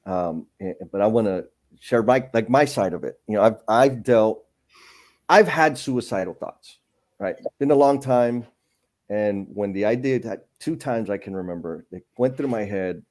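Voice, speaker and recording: Guy with a low mellow voice hosting a live stream, candid and earnest, thinking out loud. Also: normal speed. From San Antonio, Texas. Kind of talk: reflective conversational talk.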